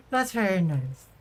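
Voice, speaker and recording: A young woman in a casual livestream chat, talking straight to her viewers from a home streaming setup. She giggles often and answers messages with chatty, easygoing replies. Her voice sits at an ordinary middle pitch for a woman. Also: poor audio. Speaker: VTuber livestreamer.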